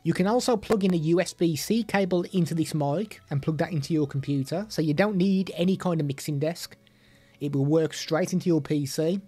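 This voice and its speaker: A man's voice: a little high, a little fast, warm tone, slightly rough. A man streaming live while demoing audio gadgets, chatty with self-deprecating asides, into a studio microphone. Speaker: streamer reviewing products.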